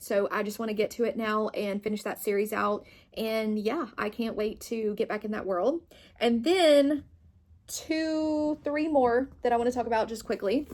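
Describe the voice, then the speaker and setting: A woman's voice: on the high side, fairly even intonation, normal speed. A young woman chatting casually as a book vlogger, bubbly and gushing, with lots of fillers. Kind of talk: casual chat.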